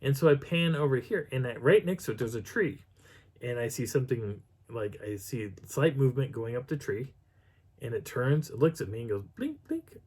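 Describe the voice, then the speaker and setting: A middle-aged man telling a story on his video channel in a casual, animated way, acting out what people said. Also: moderate pace, husky. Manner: animated, acts out quotes with pitch jumps and whispers. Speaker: vlogger.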